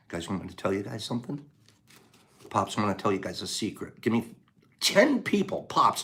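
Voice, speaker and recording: A man hosting a casual livestream, chatting playfully with viewers and reading their comments aloud, dropping to hushed whispers at times and breaking into loud laughter at others. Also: fairly low pitch, big pitch swings, moderate pace. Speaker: livestream host.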